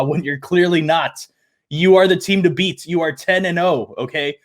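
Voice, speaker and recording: High-voiced man ranting about football. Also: normal speed. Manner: exasperated, emphatic, repeats points. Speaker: podcast host. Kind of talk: sports fan reaction rant.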